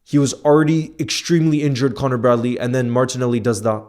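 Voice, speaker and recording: Agitated young-sounding football fan streamer. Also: male voice, mid-range voice, fairly even intonation, quick pace, a little mellow. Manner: emotional, swings between outrage and glum reflection, says "bro" a lot. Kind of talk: live match watchalong commentary.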